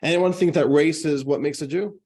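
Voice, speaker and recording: A man, a rabbi, giving a casual lecture to a class, chatty and joking, his pitch jumping up to stress points. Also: fairly quick, darkish tone. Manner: chatty, jokey, pitch jumps up for emphasis.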